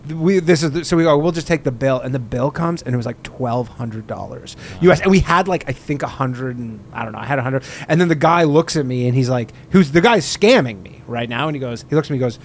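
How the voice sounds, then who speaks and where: A man's voice: medium pitch, quick pace, few pauses, slight background noise. A man in his thirties chatting casually, telling stories with swearing and laughter. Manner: animated storyteller, swears, laughs through punchlines. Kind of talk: casual chat.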